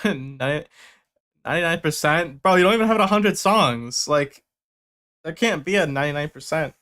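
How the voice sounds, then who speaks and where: A man's voice: fairly high pitch, animated, moderate pace, sharp tone. Blunt young man giving music feedback. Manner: blunt, joking, swears casually. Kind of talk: casual feedback livestream.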